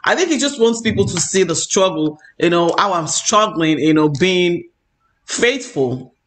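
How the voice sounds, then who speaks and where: A man's voice: high voice, lively intonation, measured pace, fairly bright tone. A man who preaches online, telling a personal faith testimony in an earnest, repetitive way with many fillers.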